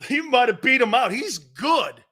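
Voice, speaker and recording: A man with an East Coast American accent hosting a sports talk show, ranting loudly with profanity and frequent shouting. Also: very high-pitched, big pitch swings, measured pace. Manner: loud, profane, often shouting.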